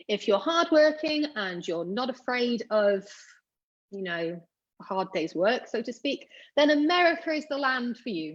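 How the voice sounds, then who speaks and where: A woman talks casually in a chatty, self-deprecating way, full of asides and fillers. Her voice is a little husky, at a middling pitch. The recording sounds slightly dull and lo-fi. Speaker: genealogy blogger. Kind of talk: casual explainer monologue.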